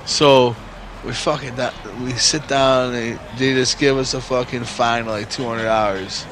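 A man's voice: mid-range voice, fairly even intonation, moderate pace, a bit bright, slight background noise. A man in his forties from New York State telling a story casually, rambling and swearing constantly. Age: 40s.

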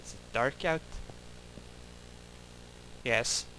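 A man's voice: medium pitch, very slow, background noise. A man giving wry, self-mocking commentary while playing a game, grumbling at it as he goes. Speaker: gameplay commentator. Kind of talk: let's play commentary.

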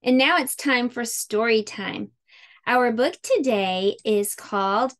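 A woman teaching a children's craft with chatty step-by-step instructions, then reading a picture book aloud with animated storytelling. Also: fairly high pitch, slow pace. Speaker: teacher hosting a kids' summer camp channel.

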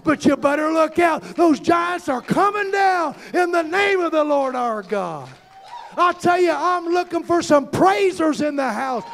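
Fervent high-voiced preacher man. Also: gravelly. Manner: fervent, shouting call-and-response preaching. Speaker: pastor. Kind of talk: sermon.

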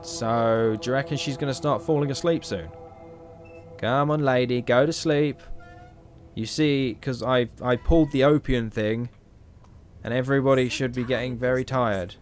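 Brief male game commentator, sleepy and rambling, quiet music behind. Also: medium pitch, fairly even intonation, moderate pace. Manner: rambling, joking, talks to himself. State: tired, yawning. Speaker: gameplay commentator.

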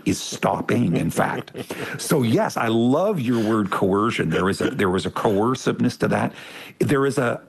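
A deep-voiced man speaks as a guest in an interview, gravelly and a little husky. He explains eagerly and often restarts his phrases as he talks. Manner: enthusiastic explaining with frequent restarts. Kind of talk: conversational interview.

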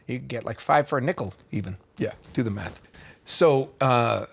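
A middle-aged man co-hosting a casual video game chat, telling an animated story and acting out the people in it. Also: medium pitch, normal speed, vocal fry, slightly rough. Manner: animated storyteller who acts out the people in his stories. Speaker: co-host.

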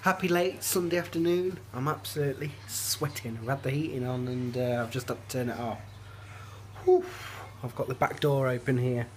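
A man's voice: mid-range voice, steady tone, moderate pace, slight background noise. A British man vlogging casually at home on a handheld phone, rambling with lots of fillers and restarts. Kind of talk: casual daily vlog chat. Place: at home, indoors.

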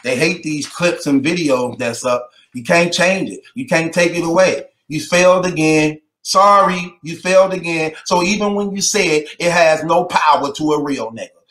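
A man's voice: fairly high pitch, fairly bright tone, reverberant. A man delivering a mocking rant to the camera, taunting and repeating his jabs and breaking into laughter between them.

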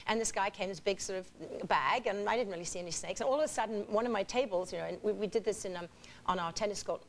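A middle-aged woman, a talk show guest, chatting casually and telling animated stories with frequent laughs. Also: medium pitch, fast talker, slight background noise. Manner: animated storyteller, laughs often. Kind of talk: casual chat.

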